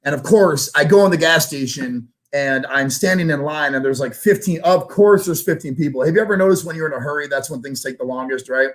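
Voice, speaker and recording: Man, fairly high voice, animated storyteller, casual, acts out voices. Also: brisk, hardly any pauses. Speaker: guest storyteller. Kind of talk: casual storytelling on a web show.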